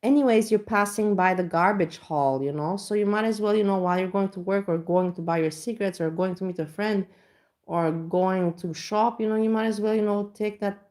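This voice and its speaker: A woman's voice: mid-range voice, brisk, a little mellow. A woman vlogger chatting casually at home, telling a rambling, self-mocking story full of restarts. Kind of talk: casual reaction chat. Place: home kitchen.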